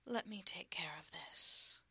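A woman voicing a gentle, confident male dessert chef in a whispered role-play, speaking softly and coaxingly. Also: medium pitch, level tone, moderate pace, dry recording, lightly acted. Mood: tender. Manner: soft, intimate, coaxing.

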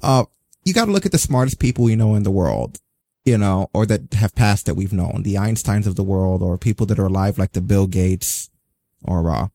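A man with a lowish, mellow voice holds forth in a loose podcast conversation. He is blunt and sarcastic, drops swear words, and is recorded dry and close. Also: expressive, normal speed, no echo. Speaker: podcast co-host. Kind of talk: casual opinionated chat.

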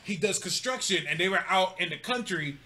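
Male podcast co-host, very high bright voice, animated storyteller. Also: a little fast. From California. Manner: animated, laughing often, acting out quotes. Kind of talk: casual storytelling chat.

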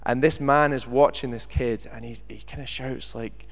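In a large hall with long reverb, a man with a gravelly, mid-range voice preaches at normal speed with few pauses. He tells a story from his own life as an animated storyteller, voicing what people said.

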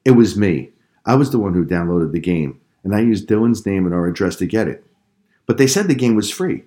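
A man's voice: low-pitched, sing-song, fairly quick, warm tone. A man voicing a guilty, tearful ten-year-old boy in a read-aloud story.

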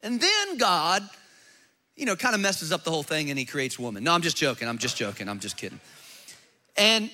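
A man's voice: fairly high pitch, very animated, brisk, bright, forceful tone. A man preaching a sermon as pastor, emphatic and joking, with rhetorical questions to the congregation.

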